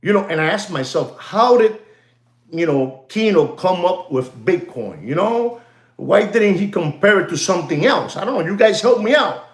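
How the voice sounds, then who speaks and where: A man's voice: high-pitched, normal speed. A man hosting a live stream, rambling in a teasing, lecturing way, packed with "you know" fillers. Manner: animated, excitable, constant "you know" fillers. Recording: roomy, echoey room sound.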